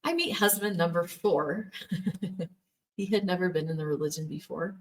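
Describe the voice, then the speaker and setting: A woman's voice: lowish voice, normal speed. Candid woman in her thirties, distant mic. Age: 30s. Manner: candid, laughs often, acts out quoted voices. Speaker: former Jehovah's Witness telling her story. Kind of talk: personal testimony.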